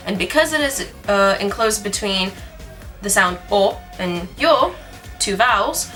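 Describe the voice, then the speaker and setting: Young woman teacher, bright tone, chatty and giggly, soft music underneath. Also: mid-range voice, expressive, unhurried. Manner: chatty, giggly, demonstrates sounds out loud. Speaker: language teacher. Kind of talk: casual video lesson.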